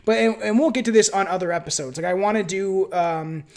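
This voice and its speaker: At a fairly quick clip, a Canadian man with a light, high voice hosts a laid-back podcast of chat and scripted reading. He curses casually and keeps laughing as he stumbles over his notes, recorded at a friend's place on a different home mic setup.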